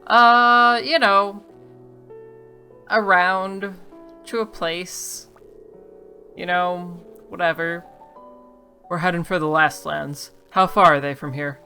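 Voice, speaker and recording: A woman's voice: fairly low pitch, steady tone, slow pace, long pauses, pushed and bright, soft background music. A woman giving casual, wry commentary on a game she is playing, reading the dialogue aloud and joking about it. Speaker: let's play streamer.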